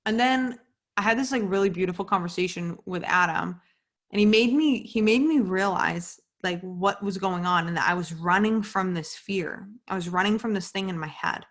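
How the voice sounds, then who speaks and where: Young woman podcast host, slightly low voice, loose candid chat, swears freely. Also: moderate pace, fairly bright tone. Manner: chatty, many "like" fillers, candid and swearing. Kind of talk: casual solo podcast monologue. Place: home at night.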